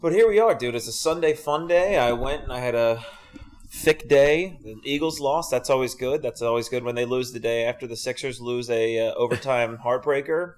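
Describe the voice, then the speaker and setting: A man's voice: medium pitch, moderate pace. A young man co-hosting a podcast in casual, rambling, joking chat. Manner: joking, rambling, laughs often. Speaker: podcast co-host.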